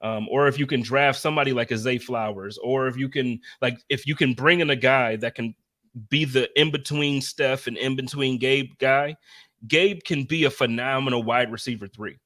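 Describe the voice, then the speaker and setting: A man hosting a casual sports podcast, talking in an energetic, emphatic way. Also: medium pitch, normal speed. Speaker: podcast host.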